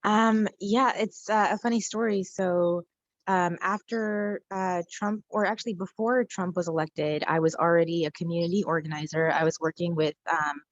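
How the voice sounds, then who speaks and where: A woman guest author answers in a casual, hesitant way, filling her speech with ums and likes. Her voice is on the lower side. The recording is slightly dull and dry. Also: steady tone, moderate pace, no echo.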